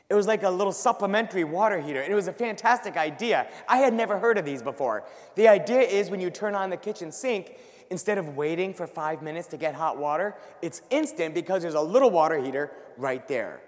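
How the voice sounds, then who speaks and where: High-voiced man telling a sermon story. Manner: animated, self-deprecating storyteller. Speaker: ministry worker giving a talk. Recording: long hall reverb.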